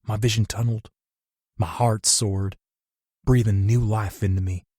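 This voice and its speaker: A man reading first-person scripted narration in a measured, emotional way. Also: lowish voice, fairly even intonation, warm tone, breathy edge, no room sound, studio quality. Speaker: audiobook narrator.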